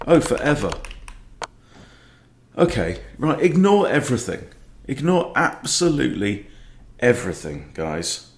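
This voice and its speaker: This middle-aged man, a chess coach, narrates his own online games live with self-mocking exasperation and frequent sighs. He speaks unhurriedly at a medium pitch with big pitch swings, in an echoey room.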